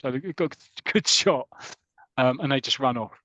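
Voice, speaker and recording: A man's voice: medium pitch, moderate pace, a bit bright, no room sound. A man co-hosting a podcast, chatting casually and retelling comic scenes with quoted lines. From United Kingdom. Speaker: podcast co-host. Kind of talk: casual chat about comics. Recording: dull lo-fi dry recording.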